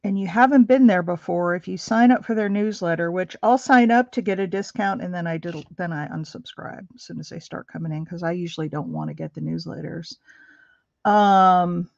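A woman's voice: on the low side, moderate pace, creaky, darkish tone, no echo, muffled recording. A middle-aged woman hosting a craft livestream, chatting with viewers in a chatty, rambling way and laughing easily. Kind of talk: casual chat with live viewers while crafting. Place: home craft room.

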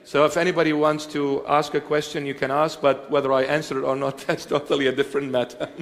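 A man preaching and answering questions before a congregation, halting with many fillers and joking now and then. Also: fairly high pitch, flat delivery. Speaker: church bishop preaching. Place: church hall with congregation. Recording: long reverb of a large hall.

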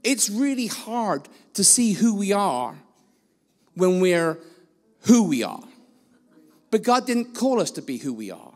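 Male guest preacher, high voice, blunt and self-deprecating, church-hall echo. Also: very animated, slow pace, pauses often, faint music behind. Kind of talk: sermon.

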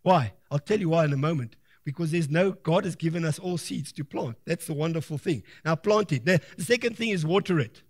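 A male pastor giving a sermon, animated and emphatic, acting out little quoted exchanges as he preaches. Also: a little high, brisk, few pauses. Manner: animated preaching, rising to loud declarations; acts out quoted voices of doubters and believers.

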